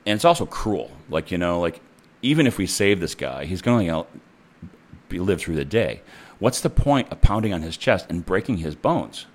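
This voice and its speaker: A man's voice: low voice, sing-song, normal speed. A man who works as a nurse, telling a story in a casual, blunt and profane way.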